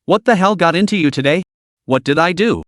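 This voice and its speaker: Guy playing a young guy on the defensive, pleading, voice kinda high. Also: expressive, brisk, dry recording, clean studio sound, close to an everyday voice. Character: defensive, apologetic young man caught out.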